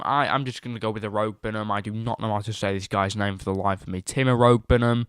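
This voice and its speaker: A young man hosting a live football stream, chatting casually and excitedly, rambling and swearing freely. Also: on the low side, quick pace, few pauses, smooth, no echo, studio quality. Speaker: livestream host.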